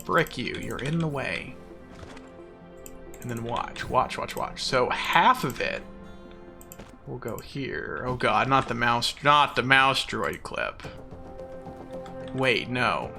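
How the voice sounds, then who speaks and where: Gravelly, lively male game streamer. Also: mid-range voice, takes it slowly, pauses often, music in the background. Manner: playful, mock-boastful, laughs often. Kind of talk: casual live-stream commentary while playing.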